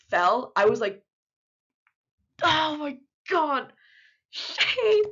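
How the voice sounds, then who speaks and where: A young woman talking casually to camera in an unedited vlog, chatty and full of fillers, gushing like an excited fan. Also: fairly high pitch. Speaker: vlogger. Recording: slightly dull lo-fi audio.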